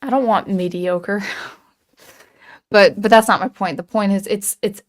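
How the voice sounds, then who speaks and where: A woman's voice: mid-range voice, steady tone, unhurried. A woman hosting a livestream, reading chat comments and musing aloud in casual chat, hesitant with many ums and restarts.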